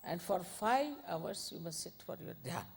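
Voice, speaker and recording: A woman speaks as a spiritual teacher, unhurried and instructive. Her voice sits on the low side yet rises and falls a lot. A faint hiss runs under the recording. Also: animated. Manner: unhurried, instructive, gentle with soft asides. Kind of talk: informal spiritual talk.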